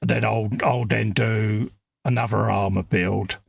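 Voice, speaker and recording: A man's voice: fairly low pitch, steady tone, a little slow, gravelly, breathy edge, no echo. A man, co-hosting a live stream in a laid-back, chummy way with casual slang. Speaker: livestream co-host. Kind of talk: casual chat.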